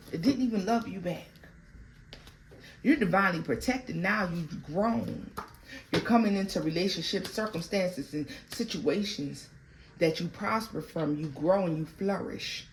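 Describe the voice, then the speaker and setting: A woman giving a tarot card reading in a blunt, profane way, swinging between loud outbursts and quiet murmurs. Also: lowish voice, measured pace, slight background noise, low-quality recording. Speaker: tarot reader.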